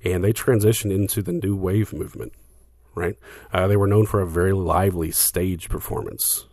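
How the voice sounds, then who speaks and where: A lower-pitched man talks through band history in a loose, chatty way, full of fillers and restarts. The sound is dry and close, with no room around it. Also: steady tone, normal speed, darkish tone, dry recording. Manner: explanatory, filler-heavy, restarts. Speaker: podcast co-host. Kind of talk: casual music discussion.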